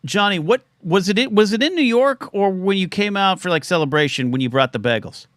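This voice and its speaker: A male host runs a live call-in stream, his voice bright and a touch high. He rambles and repeats himself in a casual, excited chat, heard close and dry. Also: brisk, no room sound.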